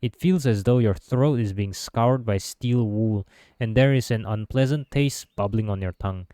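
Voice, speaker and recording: A man reading visual novel narration aloud in steady second person, with small stumbles. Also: fairly low pitch, normal speed, clear, resonant tone, no echo, studio quality. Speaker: gameplay narrator.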